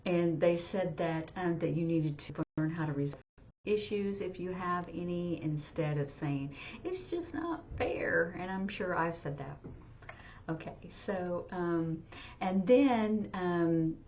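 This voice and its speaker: A woman teaching sign language in a casual, halting way, thinking aloud with many fillers as she explains. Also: on the low side, darkish tone. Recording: dull lo-fi sound with faint noise.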